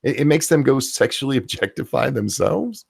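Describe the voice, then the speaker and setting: A man's voice: medium pitch, sing-song, normal speed, gravelly, darkish tone, breathy edge, dry recording, clean studio sound. A middle-aged man ranting profanely on a casual live stream, reading viewer comments aloud as the host.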